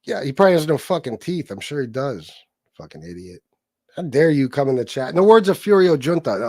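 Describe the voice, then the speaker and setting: A man hosting a live stream, reading the chat aloud and giving shout-outs, swearing heavily in a combative, angry way. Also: a little high, sing-song, brisk, dry recording, clean studio sound. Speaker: livestream host reading chat.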